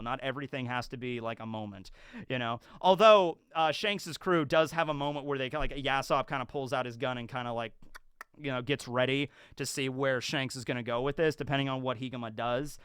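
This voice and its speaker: A man's voice: mid-range voice, fairly quick, a bit bright, clean tone, dry recording, clean studio sound. A man casually and chattily breaking down a show episode, rambling with many fillers. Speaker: YouTube show reviewer.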